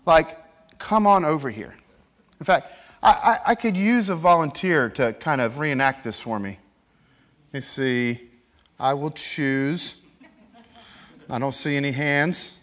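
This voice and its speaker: A man preaching a sermon in a church, acting out scripture quotes as he goes. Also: high-pitched. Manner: animated, acts out scripture quotes. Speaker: pastor.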